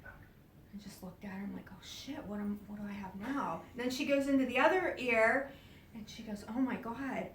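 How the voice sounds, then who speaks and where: A woman speaking to a live audience, telling a personal story with animated, acted-out quotes, laughs and sudden hushed whispers. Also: on the high side, normal speed, a little hiss or hum. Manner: laughs often while talking. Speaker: speaker at a spiritual event. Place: event hall. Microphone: distant camera mic. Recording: roomy, distant live event recording.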